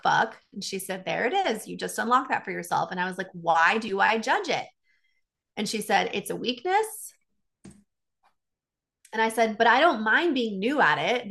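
A woman's voice: mid-range voice, creaky. A woman coach talking casually and candidly, retelling a conversation with a friend and quoting both sides. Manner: candid, animated retelling with quoted dialogue. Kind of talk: casual solo talk.

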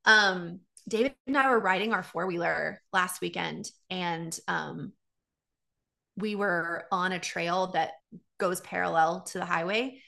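A middle-aged woman coach giving a casual, chatty talk on emotional triggers, full of "like" and lively asides. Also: on the low side, measured pace, vocal fry. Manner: chatty, lots of "like", animated asides. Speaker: coach teaching about triggers. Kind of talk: casual teaching talk to an audience.

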